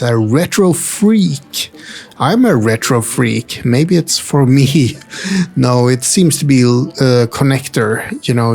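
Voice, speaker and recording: A man with a gravelly edge to his voice narrates at a relaxed, unhurried pace while walking through a retro game store. He talks in a chatty way, slipping in wry asides and gentle jokes as he films on a handheld camera. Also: mid-range voice. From Sweden. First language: Swedish. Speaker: travel vlogger and host. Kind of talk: casual walking-tour narration. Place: indoor multi-floor retro game store.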